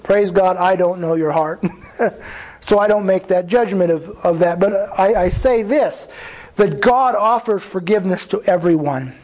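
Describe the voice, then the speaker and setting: A man's voice: high voice, measured pace, a little mellow, rough recording. A man, a pastor, preaching a sermon in an earnest, conversational way, often restarting phrases and acting out quoted dialogue.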